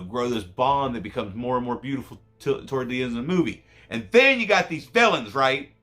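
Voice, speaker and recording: Profane rambling man reviewing a movie. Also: a bit bright. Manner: profane, rambling, self-interrupting; voice jumps high when emotional.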